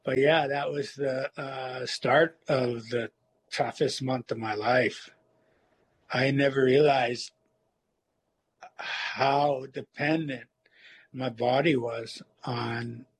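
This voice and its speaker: Gravelly, husky man recalling his recovery. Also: mid-range voice, low-quality recording. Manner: halting and reflective, with many fillers and restarts. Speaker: person in recovery telling his story. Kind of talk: personal testimony.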